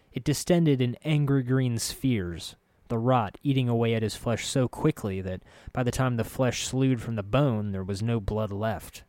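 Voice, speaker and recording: A man narrating a dark first-person fantasy story in a measured, vivid way. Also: lowish voice, no room sound.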